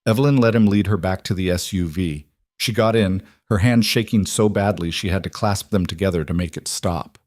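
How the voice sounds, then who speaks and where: A man reading a mafia drama as scripted narration, measured and even. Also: low-pitched, no room sound, studio quality.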